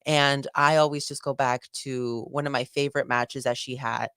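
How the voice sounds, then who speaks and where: A young woman co-hosting a casual wrestling podcast, gushing and excitable, with many fillers and restarts. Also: very deep voice, moderate pace, clear, resonant tone, dry recording. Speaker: podcast co-host.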